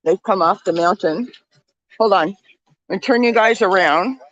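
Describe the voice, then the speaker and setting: A woman's voice: mid-range voice, measured pace, fairly bright tone, no room sound, lo-fi sound. A woman vlogging on a handheld phone as she walks outdoors through a snowy ski resort village, out of breath and talking chattily to her viewers as friends. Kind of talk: walking vlog.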